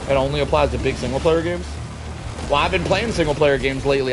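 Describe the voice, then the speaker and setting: A young man livestreams a game, talking fast in a voice on the high side as he chats casually with viewers. He reads chat aloud, jokes, and swears, while game noise is clearly audible behind him.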